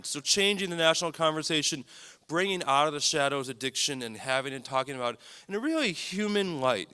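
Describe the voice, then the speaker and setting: A man's voice: on the high side, animated, brisk, bright, forceful tone, clear, resonant tone. A man, a psychiatrist, giving an earnest, emphatic public talk to an audience, stressing his points by repeating them. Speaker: psychiatrist speaking at a lecture event.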